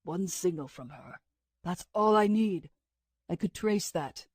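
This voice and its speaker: A woman's voice: on the low side, lively intonation, measured pace, darkish tone, breathy edge, no room sound, studio quality. A woman reading the lines of a worried man who speaks in a tense, urgent way. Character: man, restless, worried husband.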